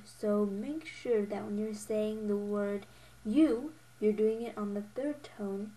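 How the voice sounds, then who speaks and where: A woman's voice: mid-range voice, slow pace, dark tone. A young woman teaching a beginner Mandarin lesson, patiently modelling each tone with repeats and correcting herself with a little laugh. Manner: self-correcting, a little giggly.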